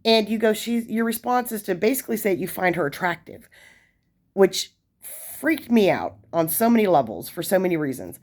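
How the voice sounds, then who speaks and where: A woman's voice: medium pitch, very animated, normal speed, darkish tone. A woman in her forties telling a story in a chatty, casual way, with lots of fillers and asides. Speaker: vlogger sharing prison experiences.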